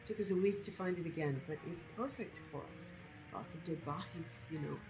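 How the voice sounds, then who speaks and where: A woman's voice: low-pitched, fairly quick, over music, rough recording. Woman playing a cheeky Breton necromancer. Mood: offhand.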